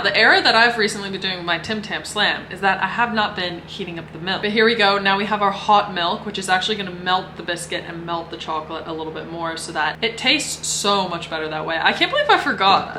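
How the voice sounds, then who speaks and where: A woman's voice: on the low side, pushed and bright, echoey room, a little hiss or hum. A young woman with an American accent narrating a casual food vlog in a chatty, upbeat way. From United States. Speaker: vlogger.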